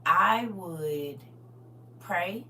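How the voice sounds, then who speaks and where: A middle-aged woman preaching through funny stories, chatting directly with the crowd and now and then bursting out loudly. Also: lowish voice, drawn-out words. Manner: lively and chatty, teasing the crowd directly, sudden loud outbursts. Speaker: speaker at a live church gathering. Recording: far-off mic with faint hum.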